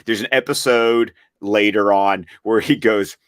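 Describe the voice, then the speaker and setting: Male podcast guest, relaxed storyteller, close dry mic. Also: lowish voice, a little slow, smooth, dry recording. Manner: relaxed and conversational, tells stories. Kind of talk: casual chat.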